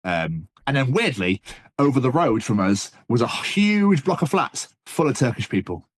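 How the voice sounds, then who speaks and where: A man's voice: medium pitch, very animated, normal speed. A man with an English accent chatting casually as a podcast guest, rambling and tossing in "man" often. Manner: rambling, laughs often, says "man" a lot.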